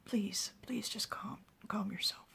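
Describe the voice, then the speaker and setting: A woman voicing a calm, steady male clan chief in a soothing whispered role-play. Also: medium pitch, takes it slowly, creaky, voice pushed up, exaggerated voice.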